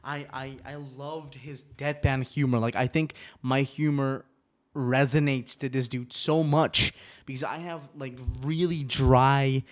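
A man hosting his podcast alone in a small home studio, talking casually and rambling, cursing often, swinging between subdued and excited. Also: mid-range voice, unhurried. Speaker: podcast host. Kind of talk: casual solo podcast chat.

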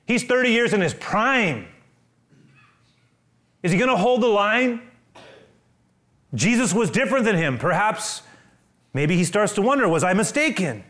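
A man preaching a sermon, addressing his listeners directly, dropping to hushed low passages and rising into emphatic repeated phrases. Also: sing-song, unhurried, long pauses. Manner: swings between hushed low passages and raised emphatic bursts.

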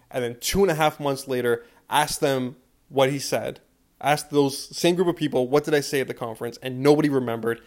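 A young man in his twenties rants on his podcast, worked up and swearing freely. He drives his point home by repeating the same line again and again, with a mid-pitched voice. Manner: profane, repeating a refrain, emphatic. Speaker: podcast host. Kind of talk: fired-up podcast rant.

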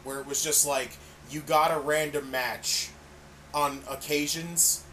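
A man's voice: fairly high pitch, fairly even intonation, measured pace, sharp tone, slight background noise. A man co-hosting a casual wrestling podcast, swearing freely and laughing often. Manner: profane, enthusiastic, laughs often. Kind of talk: casual chat.

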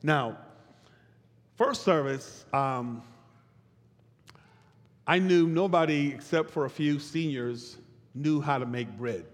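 Male pastor, high voice, rhythmic call-and-response preacher who builds to shouts; long hall reverb. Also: takes it slowly, pauses often. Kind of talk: sermon. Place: church service.

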